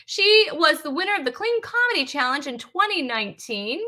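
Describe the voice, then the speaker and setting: Bright-voiced, chatty woman hosting a comedy stream. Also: sits high, sing-song, brisk, few pauses. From Rhode Island. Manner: chatty, teasing, rambling with fillers. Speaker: host.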